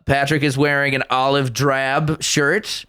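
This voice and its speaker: A man's voice: mid-range voice, level tone, a little slow, a bit bright, clear, resonant tone. A man co-hosting a podcast in a small studio, joking around in casual chat and slipping into silly put-on voices. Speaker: podcast co-host. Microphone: studio mic with headphones.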